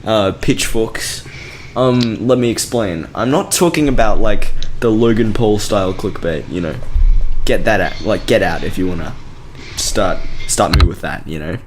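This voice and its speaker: A young man chatting on a casual podcast in a slightly low voice. He rambles through his points with plenty of fillers and easy laughter. A light hiss sits under the recording. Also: measured pace. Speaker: podcast co-host. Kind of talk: casual chat.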